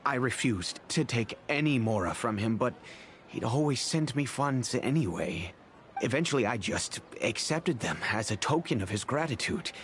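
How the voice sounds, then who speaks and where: A man voicing a wealthy, kindly middle-aged father in game cutscene dialogue, telling the past in a measured, reflective way. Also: medium pitch, animated, a bit bright, a little hiss or hum, close to an everyday voice. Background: game music.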